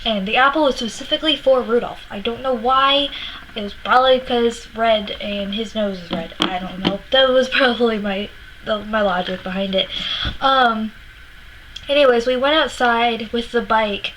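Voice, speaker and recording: Young woman vlogger, fairly high voice, rambling, faint noise behind. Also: moderate pace, a bit bright, rough recording. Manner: rambling, many fillers and restarts. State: tearful, upset. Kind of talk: personal storytelling vlog.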